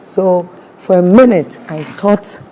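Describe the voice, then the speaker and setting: Speaking slowly in a warm, fairly low voice, a woman with a Ghanaian accent shares a personal story with feeling as a guest. She acts out what people said and mixes in Twi words, and there's a little hiss or hum in the background.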